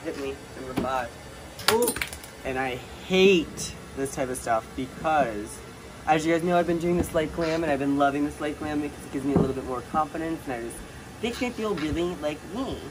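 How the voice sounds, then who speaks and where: A man filming a playful challenge vlog, excitable and self-mocking, swearing often. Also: fairly high pitch, fast talker. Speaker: vlogger. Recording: noisy home recording.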